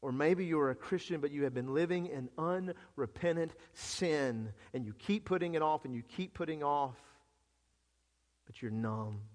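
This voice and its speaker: Impassioned high-voiced male preacher. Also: normal speed, few pauses. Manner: impassioned, swinging from hushed to loud. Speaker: pastor. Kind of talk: sermon. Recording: long hall reverb.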